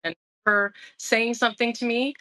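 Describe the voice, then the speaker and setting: A woman's voice: on the high side, steady tone, moderate pace, pushed and bright, no echo, rough recording. A woman of sixty talking candidly and emotionally as an interview guest, often restarting her sentences. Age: 60s. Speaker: guest sharing her sobriety story.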